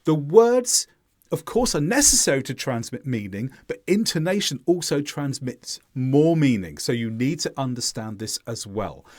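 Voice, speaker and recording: A man with a British accent teaching English intonation in a deliberate, emphatic way. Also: mid-range voice, very animated. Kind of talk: online English lesson.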